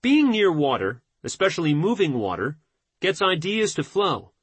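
A man narrating a nonfiction audiobook in a measured, steady reading voice. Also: fairly high pitch, slightly rough, dry recording.

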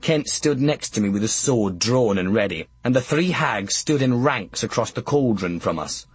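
A man's voice: mid-range voice, expressive, moderate pace, husky. A man narrating an audiobook with a wry, dry comic delivery, close to the mic.

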